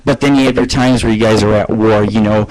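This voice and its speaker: A man's voice: on the low side, steady tone, fast talker, a little mellow, low-quality recording. Rambling, foul-mouthed male radio host. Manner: profane, rambling, storytelling. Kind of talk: casual rambling monologue.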